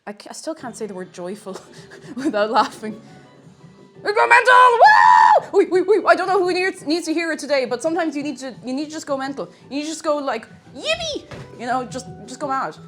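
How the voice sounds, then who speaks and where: A woman chatting bubbly and excitably on a livestream while cooking, now and then breaking into shouted cheers. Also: high voice, fast, faint music behind. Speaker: streamer.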